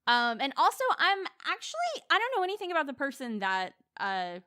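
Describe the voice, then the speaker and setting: A woman's voice: high-pitched, huge pitch swings, fairly quick, sharp tone, dry recording, studio quality. A young woman co-hosting a podcast, chatting casually about a movie, with lots of fillers and restarts. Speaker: podcast co-host. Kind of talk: casual movie review chat.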